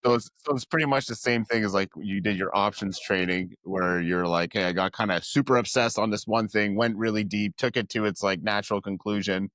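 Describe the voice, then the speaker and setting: A man's voice: on the low side, a little fast, few pauses, fairly bright tone, no echo. A male podcast host asking questions in a laid-back, casual way, with slang like "dude". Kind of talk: casual interview.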